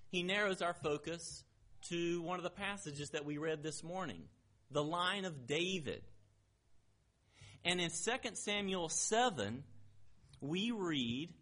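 Slow, bright-voiced male preacher. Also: high-pitched. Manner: measured, emphatic preaching with slow deliberate phrasing. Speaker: pastor. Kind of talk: sermon.

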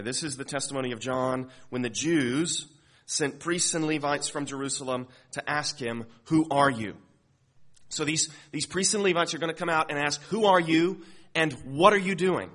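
Earnest pastor preaching, slightly high voice. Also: male voice, a bit bright. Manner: earnest, emphatic, with repeated restarts. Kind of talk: expository sermon.

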